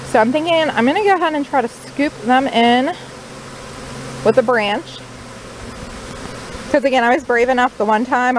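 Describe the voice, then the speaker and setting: A chatty woman talks through her beekeeping on a camera mic outdoors. Her voice sits a little high, with lots of easy fillers. Faint insect buzzing and outdoor noise run behind her. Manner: chatty, upbeat, uses many fillers. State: out of breath. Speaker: new beekeeper. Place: outdoors by beehives.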